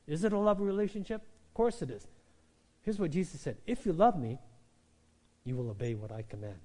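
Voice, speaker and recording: A man preaching a sermon in a church, animated and conversational, rising to loud emphatic peaks and dropping to quiet asides, often checking in with "right?". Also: on the high side, brisk. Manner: conversational, asks the congregation "right?". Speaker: pastor.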